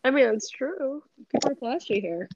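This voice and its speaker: A chatty woman guest tells stories in a casual way, sprinkling in "like" and little acted-out quotes. Her voice sits a bit high, and the recording is dull and dry with no room sound. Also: very animated, normal speed, darkish tone, breathy edge, no echo. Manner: chatty, full of "like" and quoted asides. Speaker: podcast guest. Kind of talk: casual interview chat.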